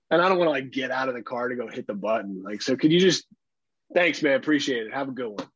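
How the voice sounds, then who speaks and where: A man's voice: mid-range voice, expressive, fast talker, a bit bright, slightly rough, no room sound, dull audio. A man co-hosting a podcast who tells stories in a casual chat, acting out other people's lines, laughing often and swearing casually. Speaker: podcast co-host.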